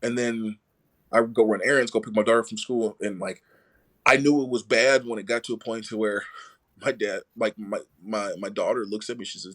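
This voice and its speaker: A young adult man, a podcast guest, telling his own story casually and acting out what others said in lively voices. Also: mid-range voice, moderate pace, pauses often.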